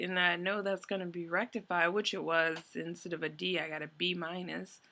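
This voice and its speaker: A woman's voice: lowish voice, moderate pace, hardly any pauses, sharp tone. A young adult woman ranting in a casual vlog, telling a story in a rambling, exasperated way with lots of fillers. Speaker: vlogger.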